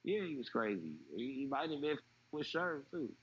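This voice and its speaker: A man telling a personal story in an interview, animated and acting out what others said. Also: medium pitch, moderate pace, husky, dull audio. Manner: animated retelling, acting out quoted voices. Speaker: interview guest.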